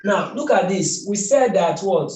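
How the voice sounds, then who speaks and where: A man's voice: high voice, animated, measured pace, darkish tone. A man teaching a math lesson at a board, methodical and asking rhetorical questions as he works. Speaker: math tutor. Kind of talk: whiteboard lesson. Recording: echoey room.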